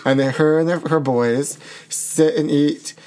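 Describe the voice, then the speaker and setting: A man co-hosting a casual comedy chat show, talking in a campy, sassy way and riffing quickly on his own jokes. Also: on the high side, steady tone, darkish tone, clean tone. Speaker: podcast co-host.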